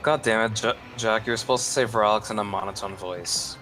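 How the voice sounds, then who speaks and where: A man's voice: on the low side, fairly even intonation, fairly quick, pushed and bright, soft background music. A man in casual voice-call chat, blunt and grumbling. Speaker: friend on voice call.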